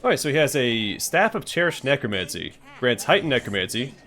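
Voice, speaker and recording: A man's voice: medium pitch, very animated, a little fast, a bit bright. A man hosting a let's play, reading item descriptions aloud with dry, joking asides. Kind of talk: gameplay commentary, reading item text aloud.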